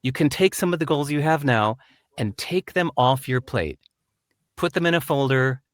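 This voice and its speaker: A man being interviewed who tells stories in an animated way and acts out the voices. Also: medium pitch, normal speed. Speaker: guest. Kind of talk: conversational interview, storytelling.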